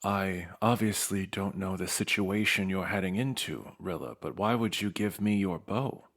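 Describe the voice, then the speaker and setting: A man voicing a courteous, formal female lore master in a tabletop game, in a hushed and lowered voice. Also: normal speed. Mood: puzzled.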